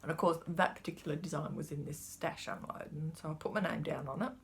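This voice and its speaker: A chatty woman talks casually through her craft supplies. Her voice is fairly low and gravelly, and she rambles, sometimes dropping to a whisper. There is a faint hiss of background noise. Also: quick pace. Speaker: cross-stitch vlogger.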